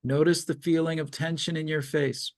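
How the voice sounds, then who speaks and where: Man talking folks thru muscle relaxation on a video call, kinda high voice with some gravel, slow calm cues. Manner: slow, calm step-by-step cues with long pauses. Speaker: psychologist leading a webinar. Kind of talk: guided muscle relaxation instruction.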